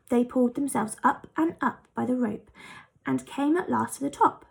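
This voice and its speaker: A woman reading a children's book chapter aloud in a lively, expressive way. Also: sits high, moderate pace, vocal fry. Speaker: storyteller.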